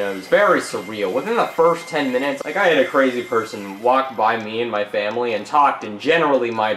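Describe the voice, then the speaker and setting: A young man giving profane, jokey commentary over a fighting game, often yelling and swearing at his opponents. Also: mid-range voice, slight background noise. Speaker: gaming YouTuber. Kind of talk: gameplay commentary. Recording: roomy room echo, game music behind. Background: game music.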